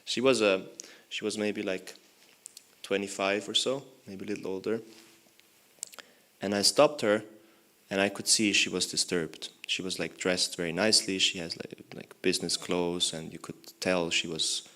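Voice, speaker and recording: A man's voice: sits low, steady tone, normal speed, pushed and bright. A young man, a monk, giving a morning lecture in a temple, telling a story in a loose, conversational way with many "you know"s. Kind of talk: storytelling sermon.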